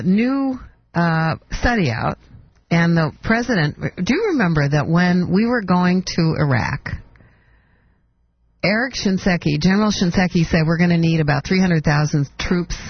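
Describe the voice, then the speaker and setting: A woman's voice: deep voice, no room sound. A woman hosting talk radio, giving a sarcastic political commentary monologue full of mocking rhetorical questions, in dull lo-fi broadcast audio.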